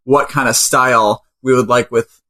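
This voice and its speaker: A man's voice: medium pitch, fairly even intonation, moderate pace, bright, forceful tone. A man co-hosting a comics podcast in casual, chatty talk, laughing often. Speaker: podcast co-host. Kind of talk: casual chat.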